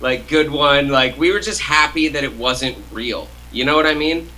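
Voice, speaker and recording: Young male co-host, bright tone, rambling storyteller full of fillers. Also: medium pitch, moderate pace, low-quality recording. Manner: rambling, heavy use of "like" and "uh" fillers. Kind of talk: casual chat, storytelling.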